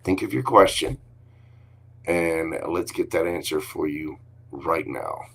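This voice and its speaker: A man's voice: rumbling low, slow pace, vocal fry, a bit bright, husky. A man giving a live tarot reading in an upbeat, encouraging way, with frequent exclamations. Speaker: tarot card reader.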